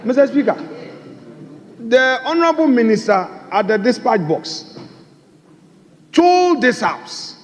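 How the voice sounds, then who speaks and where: A man's voice: extremely high pitch, very animated, takes it slowly, long pauses. A man, the minority leader, pressing his case in a parliamentary debate and repeating his points insistently. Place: large parliament chamber. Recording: chamber mic with long hall reverb.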